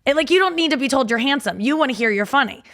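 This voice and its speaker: A woman's voice: high voice, animated, rapid-fire, fairly bright tone. A woman comedian chatting as a guest on a studio podcast, telling a story with lots of fillers and laughs. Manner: rambling, filler-heavy storytelling with frequent laughs. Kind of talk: casual podcast chat.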